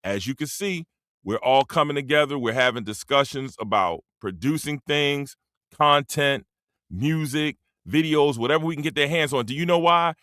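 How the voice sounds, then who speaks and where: A man's voice: a little high, moderate pace, bright, forceful tone, no room sound, clean studio sound. A man around fifty, talking bluntly and profanely in a rambling casual monologue as a streamer, full of slang. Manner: drops into dialect slang.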